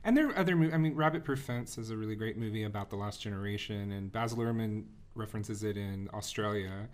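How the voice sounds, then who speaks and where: A man's voice: on the low side, quick pace. A man co-hosting a movie podcast, chatting casually and with strong opinions, often breaking into laughter. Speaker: podcast co-host.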